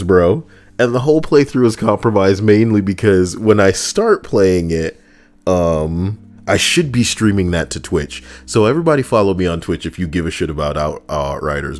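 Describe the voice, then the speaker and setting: A man's voice: sits low, a little mellow. A man streaming and chatting casually, joking and rambling in a goofy way.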